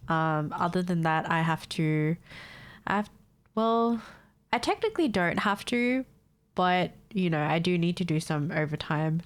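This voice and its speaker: A woman's voice: lowish voice, expressive, unhurried, smooth. A young woman with a stuffed-up nose from a cold, chatting casually to her stream viewers, swearing freely and laughing often. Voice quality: nasal, congested.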